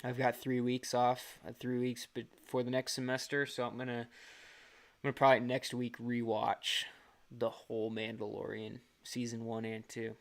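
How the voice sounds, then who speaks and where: A man's voice: medium pitch, completely flat delivery, normal speed, creaky. A young man hosting his own channel, chatting casually and rambling on a livestream. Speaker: channel host.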